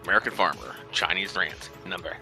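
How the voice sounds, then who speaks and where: A man's voice: lowish voice, normal speed, sharp tone, faint music behind, rough recording. A man co-hosting a radio show, ranting animatedly in casual, profane chat.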